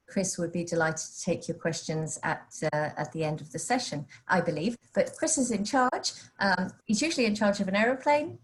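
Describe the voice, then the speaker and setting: A woman's voice: mid-range voice, poor audio. A woman hosting a webinar who introduces the speaker in a hesitant way, with many fillers, and at times loses her thread. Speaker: event host.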